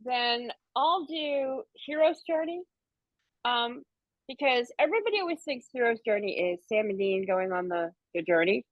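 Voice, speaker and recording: A woman's voice: fairly high pitch, animated, moderate pace, no echo, highs cut off. A woman on a fan panel arguing enthusiastically for her favorite episode, stressing her points with emphasis. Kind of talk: casual fan panel discussion.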